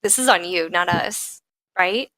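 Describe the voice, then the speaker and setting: A woman's voice: fairly low pitch, measured pace, sharp tone, no room sound. A woman hosting a casual online radio chat, joking and rambling with frequent giggles. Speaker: radio show host.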